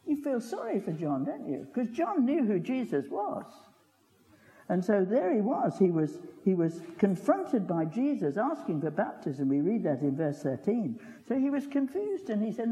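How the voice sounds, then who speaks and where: An older man preaching in a long-reverb church hall, his voice darkly mellow and lively in pitch. He talks in a folksy, chatty way, with asides and questions to his listeners. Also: a little slow. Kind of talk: sermon.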